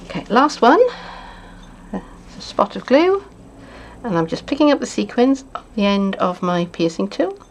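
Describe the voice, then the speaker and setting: A woman's voice: medium pitch, sing-song, normal speed, a little hiss or hum. A woman demonstrating card making in a casual craft tutorial, chatty and thinking aloud with playful asides. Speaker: papercraft demonstrator.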